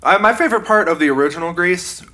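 A man's voice: high-pitched, lively intonation, fast, sharp tone. A man co-hosting a podcast in casual chat, cracking dry, sarcastic jokes. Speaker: podcast co-host.

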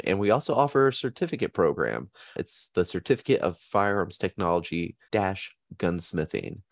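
A man hosting a podcast in a casual, chatty way, easygoing and quick to joke at his own expense. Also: deep voice, no echo, clean studio sound. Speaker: podcast host.

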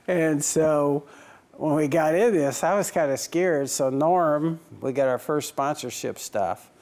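A man's voice: fairly high pitch, measured pace, a little mellow. Man, team owner type, anecdotal storyteller who laughs through his answers and voices both sides of old conversations. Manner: chuckling anecdotal storyteller, acts out dialogue.

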